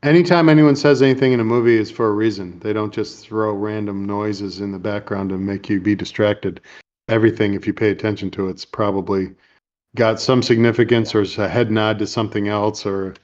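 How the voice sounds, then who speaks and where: A man's voice: on the low side, fairly even intonation, darkish tone, lo-fi sound. Man casually recapping a movie. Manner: rambling, retells scenes with quick put-on lines. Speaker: podcast host.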